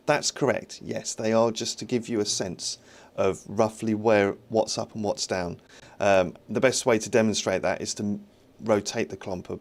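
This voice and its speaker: A man with a fairly low voice talks casually through a live game-development stream. He thinks aloud as he works, answers viewers and pokes fun at himself. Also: gravelly, a little mellow. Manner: chatty, self-mocking, thinks aloud while working. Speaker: indie game developer streaming his build.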